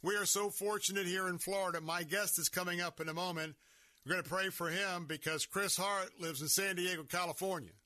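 A man's voice: sits high, steady tone, a little fast, pushed and bright, no room sound. A man hosting a conservative talk radio show from a studio, speaking emphatically and sounding worked up. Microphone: studio microphone.

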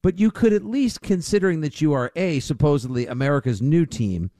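A man's voice: fairly high pitch, lively intonation, brisk, warm tone, no echo, studio quality. A man co-hosting casual sports radio chat, sarcastic and riffing with jokes and mock quotes. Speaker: sports talk co-host.

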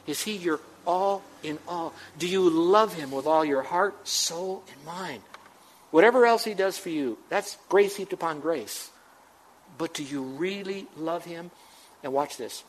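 A man's voice: a little high, measured pace, poor audio. A man preaching a sermon as pastor, emphatic and full of rhetorical questions to his congregation.

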